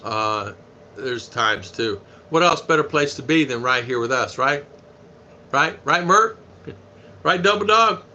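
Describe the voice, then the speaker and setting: A man's voice: mid-range voice, expressive, unhurried, pushed and bright, highs cut off, a little hiss or hum. A man from the United States hosting a casual live stream, chatting in a folksy way and reading viewer comments aloud.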